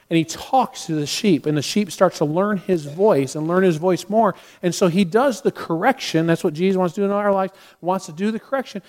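A man's voice: high voice, darkish tone. A middle-aged man preaching a sermon as a pastor, earnest, with sudden acted outbursts.

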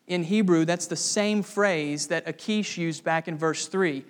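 A man's voice: a little high, steady tone, measured pace, few pauses, long reverb tail. A man preaching an expository sermon, emphatic and posing rhetorical questions to the congregation.

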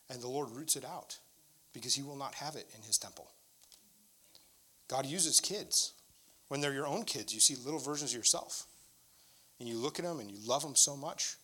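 A man's voice: medium pitch, pushed and bright. A middle-aged male pastor preaching a sermon in a candid, conversational storytelling way.

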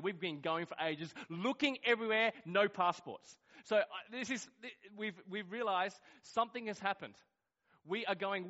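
A man with a high voice delivers a sermon as a lively story. He acts out what everyone said, swinging from loud, excited outbursts to hushed, quiet moments. The recording sounds a little dull and lo-fi. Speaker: pastor.

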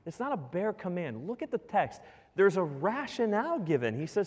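A man preaching with a lively, swinging delivery, his voice sitting a touch high for a man. He keeps firing rhetorical questions at the congregation. The sound carries a long reverb from the large church hall. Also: moderate pace, breathy edge. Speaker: pastor. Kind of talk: sermon.

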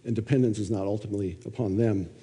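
A man's voice: fairly low pitch, fairly even intonation, fast talker, warm tone. A man preaching a sermon, reading scripture aloud and then explaining it with questions. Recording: long reverb of a church hall.

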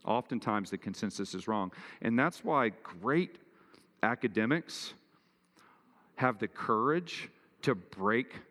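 Male pastor, low voice, earnest sermon delivery that climbs for emphasis; church reverb. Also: lively intonation, slow pace, a bit bright. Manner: earnest preaching, rising in pitch and force for emphasis.

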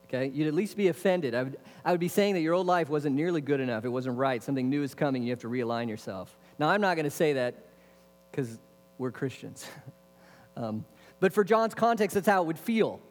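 A male pastor preaching a sermon, lively, with rhetorical questions and casual asides to the congregation. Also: on the high side, a little fast. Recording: long reverb of a large hall.

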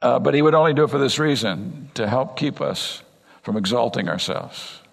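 An older Californian pastor preaches conversationally, swinging between emphatic high points and low, quiet asides. His voice is expressive, with vocal fry, at normal speed, and the long reverb of a large hall surrounds it.

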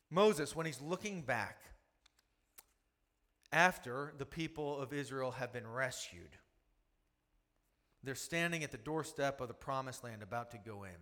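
Bright-voiced man preaching in a hall. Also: mid-range voice, lively intonation, measured pace, pauses often. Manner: emphatic preaching with rhetorical questions and repetition. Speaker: pastor. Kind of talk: sermon.

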